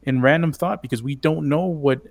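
A man's voice: fairly high pitch, normal speed. A man co-hosting a podcast, chatting casually about a TV show, hesitant with frequent restarts. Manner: hesitant, many restarts, chuckling asides. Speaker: podcast co-host. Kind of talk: casual chat discussing a TV show.

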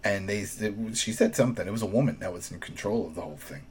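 A man's voice: fast talker, slight background noise. A man talking casually in a podcast discussion, recapping an episode and acting out lines in playful voices. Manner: animated, acts out quotes in high voices. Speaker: show reviewer.

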